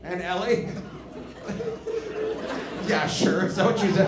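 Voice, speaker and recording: A male comedian doing crowd work on stage, teasing and profane, dropping to low mutters and then shouting. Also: takes it slowly. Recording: echoey club with loud crowd noise. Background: loud laughing audience.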